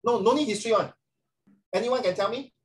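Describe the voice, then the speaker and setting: A man's voice: high voice, brisk, slight background noise, rough recording. A middle-aged Singaporean man giving a chatty classroom lecture as a social studies teacher, with frequent rhetorical tag questions.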